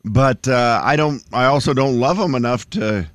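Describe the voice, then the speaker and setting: A man's voice: mid-range voice, moderate pace, dry recording. A man co-hosting a radio show, talking in an easygoing, rambling way in casual banter. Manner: easygoing, rambling, self-deprecating.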